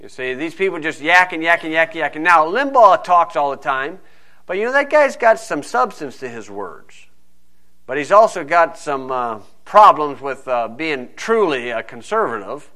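A man's voice: fairly high pitch, big pitch swings, normal speed, pushed and bright. A man preaching a folksy, digressive sermon, teaching verse by verse.

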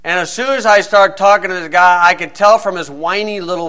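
A man's voice: high-pitched, fairly quick, few pauses, fairly bright tone. A middle-aged man preaching a sermon, blunt and scornful, firing off rhetorical questions.

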